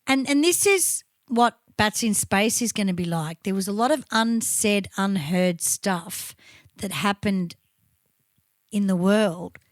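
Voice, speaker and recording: A woman's voice: medium pitch, animated, takes it slowly, no echo, studio quality. A woman co-hosting a podcast in casual, chatty, opinionated talk, swearing now and then. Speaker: podcast co-host. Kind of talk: casual chat.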